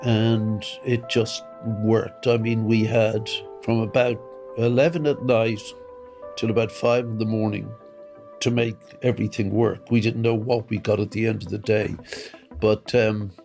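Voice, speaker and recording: A man's voice: on the low side, flat delivery, unhurried, gravelly, a little mellow, faint music behind. Emphatic Irish man recalling. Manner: emphatic, answers his own questions. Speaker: interviewee. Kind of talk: interview recollection.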